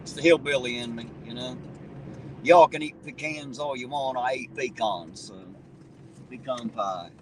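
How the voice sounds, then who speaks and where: Reading his chat at a moderate pace in a mid-range voice, a livestream host keeps things folksy with swearing and chuckles. The mic sits at a distance, and heavy traffic noise comes through.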